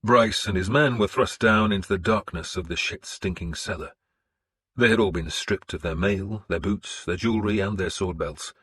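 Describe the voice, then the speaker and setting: Deep raspy guy reading an audiobook, steady and measured. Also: no room sound, clean studio sound. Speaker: audiobook narrator. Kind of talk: scripted first-person narration.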